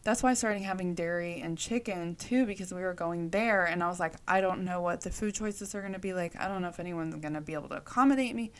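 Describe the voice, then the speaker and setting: A woman's voice: lowish voice, quick pace, few pauses. A woman in her forties from the United States, telling personal stories in a chatty, rambling way, often correcting herself. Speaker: vlogger. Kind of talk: casual storytelling.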